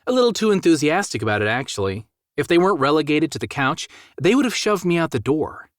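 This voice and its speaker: Organized young woman, a touch flustered, animated delivery, put on by a male narrator; dry booth. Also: no echo. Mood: enthusiastic. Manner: lightly raised pitch, quick and animated. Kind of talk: audiobook character voice. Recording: dry close studio sound.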